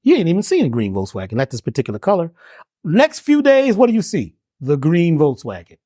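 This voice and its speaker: A man's voice: a little high, wildly swooping pitch, brisk, dark tone, no room sound, studio quality. A man being interviewed who teaches in an emphatic, preacherly way, firing off rhetorical questions and slang. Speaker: guest, spiritual healer and herbalist.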